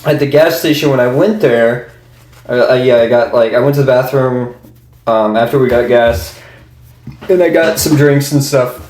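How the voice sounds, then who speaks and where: A man's voice: mid-range voice, moderate pace, a little mellow. A young man co-hosting a casual podcast chat, laughing often and mimicking people in his stories. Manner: laughing storyteller, imitates people he met. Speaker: podcast co-host. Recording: roomy echo.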